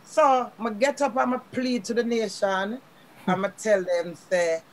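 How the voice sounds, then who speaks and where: A Jamaican woman, a guest, telling her story in lively patois and laughing as she goes. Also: measured pace. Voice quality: high, expressive, laughs while telling.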